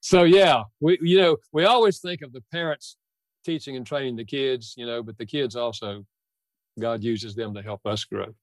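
A man's voice: medium pitch, moderate pace, dry recording. An older man speaking as a podcast guest, telling a personal story in an earnest, heartfelt way.

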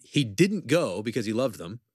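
A man's voice: medium pitch, sing-song, moderate pace, a little mellow, slightly rough, dry recording, studio quality. A man, a professor and podcast guest, talking earnestly and reflectively in an interview and quoting scripture at length. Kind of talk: conversational interview talk.

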